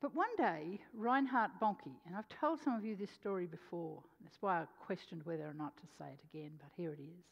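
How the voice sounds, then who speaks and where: A woman's voice: fairly low pitch, a little fast, vocal fry, few pauses. Woman preacher telling a story in a reverberant hall. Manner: animated storyteller, swings between loud and soft. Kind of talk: sermon storytelling. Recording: dull lo-fi sound with long hall reverb.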